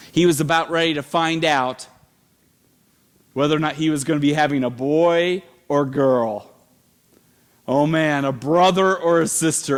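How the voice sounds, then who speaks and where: A middle-aged man preaching a sermon as a pastor, telling a family story in an animated way and acting out other people's voices. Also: on the high side.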